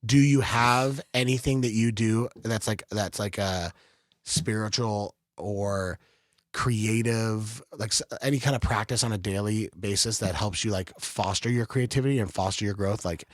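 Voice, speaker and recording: A man's voice: on the low side, normal speed, no echo, studio quality. A man co-hosting a podcast, rambling and hedging with lots of fillers as he sets up questions. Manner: rambling, hedges with many fillers. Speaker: podcast co-host. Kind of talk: casual podcast conversation.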